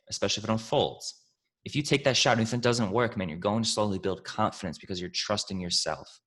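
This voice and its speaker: This trading mentor talks fast in a voice on the low side with a bit of brightness. Fielding questions in a casual Q&A, he sounds like a hyped-up, swearing coach who calls his audience family and team.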